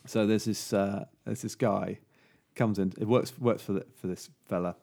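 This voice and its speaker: A man's voice: lowish voice, steady tone, normal speed, vocal fry, mellow. A man co-hosting a podcast, chatting casually and telling a long, rambling joke with many fillers. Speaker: podcast co-host.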